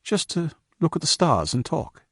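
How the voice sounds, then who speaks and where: A man's voice: medium pitch, very animated, moderate pace, darkish tone, no room sound, clean studio sound, pitched above the performer's own voice. A man voicing a shy, awkward young man who stammers and hesitates.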